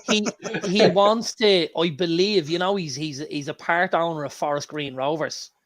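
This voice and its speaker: An Irish man co-hosting a casual chat show, telling lively anecdotes and swearing freely. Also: fairly high pitch, moderate pace. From Ireland. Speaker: co-host.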